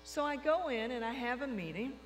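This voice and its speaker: A woman telling a lively anecdote, acting out the dialogue with frequent quotes. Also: high voice, a little fast. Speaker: storyteller recounting her career. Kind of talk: anecdotal storytelling to an audience. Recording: long reverb hall with faint mains hum.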